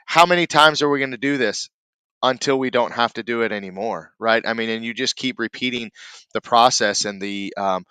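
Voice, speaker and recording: A man with a bright, smooth, clean voice talks reflectively as a podcast host, building on his guest's points. The sound is dry and close, with no room echo. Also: medium pitch, brisk. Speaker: podcast host, martial arts instructor. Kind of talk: conversational interview.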